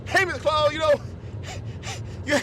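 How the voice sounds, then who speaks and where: A man's voice: extremely high pitch, steady tone, takes it slowly, sharp tone, a little hiss or hum, full character voice. Man playing a flirty, stammering Santa Claus. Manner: stammering come-ons with repeated words.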